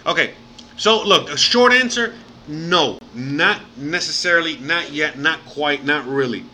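Chatty, bright-voiced man live streaming. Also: a little high, lively intonation, measured pace, a little hiss or hum, low-quality recording. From Miami, United States. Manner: rambling and chatty, full of fillers and casual swearing; reads out and thanks viewers by name. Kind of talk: casual live-stream chat.

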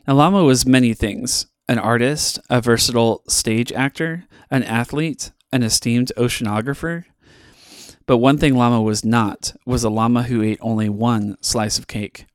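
A man reads a children's picture book aloud with playful expression and dramatic pauses. His pitch sits in the middle range, and the sound is dry and close, with no room around it. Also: steady tone, clear, resonant tone, no echo. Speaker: podcast host reading children's books. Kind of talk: storybook read-aloud.

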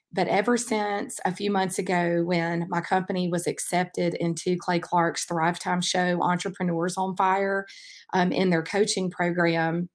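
A woman hosting her own podcast, talking in an earnest, rambling way with frequent "um" fillers. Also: on the low side. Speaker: podcast host and track coach. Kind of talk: casual faith-based podcast monologue.

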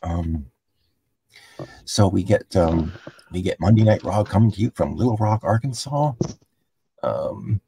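Slow, gravelly man recapping wrestling. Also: deep voice, lively intonation, warm tone, slight background noise. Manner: halting, many ums. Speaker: podcast host.

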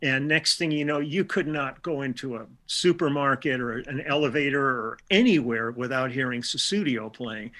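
A guest on a casual storytelling interview, this older session musician from Milwaukee talks at normal speed with few pauses in a bright, forceful, mid-range voice. He rambles through a long anecdote from memory, often restarting sentences and acting out bits of what people said.

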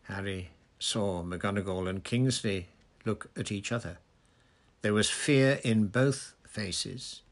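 A man narrates a novel aloud at a measured, low-key pace. His voice is low and gravelly with steady vocal fry. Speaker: audiobook reader.

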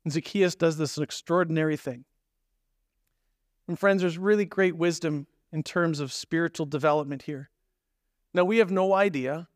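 A man delivers a sermon with a notably high-pitched voice. He talks conversationally and emphatically, slipping into acted asides. The sound is dry and close. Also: no room sound. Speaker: pastor.

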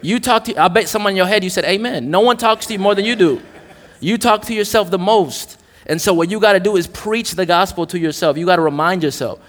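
A man's voice: high-pitched, fast, fairly bright tone. A young adult man preaching a sermon to a congregation in a candid, conversational, joking way. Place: church in front of a congregation. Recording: reverberant church hall.

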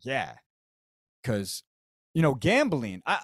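A man's voice: mid-range voice, huge pitch swings, takes it slowly, no room sound. An American man hosting a podcast, telling a comedic story in slangy, profane, laid-back talk. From United States. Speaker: podcast host.

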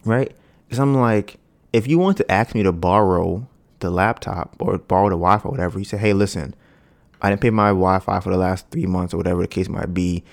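A man hosting a podcast, telling a long story in loose, slangy casual talk and acting out the lines of the people in it. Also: vocal fry. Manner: animated, acts out quoted dialogue with rising pitch; loose slangy speech with frequent fillers. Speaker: podcast host.

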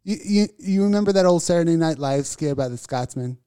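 A man's voice: fairly high pitch, expressive, fast talker, dark tone, smooth. Profane ranting man. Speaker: podcast co-host. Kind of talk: casual comedic rant.

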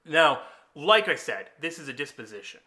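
A man with a very bright, sharp-edged voice, talking in a casual, explanatory way. He tells stories with lively energy and breaks into chuckles often. His pitch sits a little high for a man. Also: moderate pace. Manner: animated storyteller, chuckles often. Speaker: host explaining personality types.

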